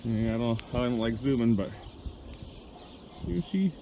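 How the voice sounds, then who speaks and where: Out on a snowy ranch, a cattle rancher talks at a measured pace in a mid-range, dark-toned voice with lively intonation, slightly winded from his chores. He rambles and chats to his dog while cattle, birds, and outdoor sounds fill the recording.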